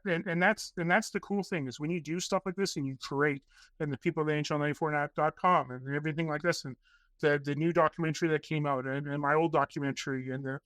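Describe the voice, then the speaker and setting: A man guesting on a podcast, telling long excited stories in a rambling way and acting out the voices of people he quotes. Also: fairly high pitch, no echo. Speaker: podcast guest, documentary filmmaker. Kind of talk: casual interview storytelling.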